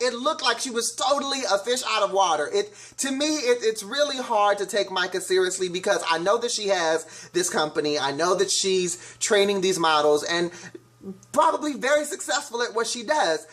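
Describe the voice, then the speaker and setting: A man's voice: high voice, a bit bright. A man hosting a casual review vlog, giving sassy, blunt commentary on reality TV in a slangy way.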